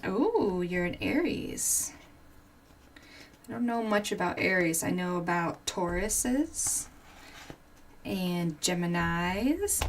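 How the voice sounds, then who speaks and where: Slow, giggly woman in her forties. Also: fairly low pitch, expressive, a little hiss or hum. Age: 40s. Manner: chatty and giggly, answering viewers' comments. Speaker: crafting livestream host. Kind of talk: casual chat while crafting.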